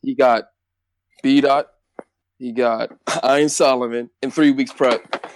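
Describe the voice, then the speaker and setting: A man's voice: mid-range voice, slow pace, no echo. A man calling into a podcast, laying out his argument point by point. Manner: steady, makes his case point by point. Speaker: guest commentator. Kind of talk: casual debate call-in.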